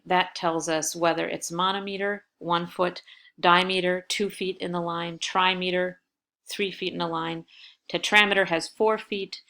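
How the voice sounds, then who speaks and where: A woman's voice: fairly low pitch, pushed and bright. A woman teacher giving a recorded lecture over slides, explaining patiently with frequent fillers.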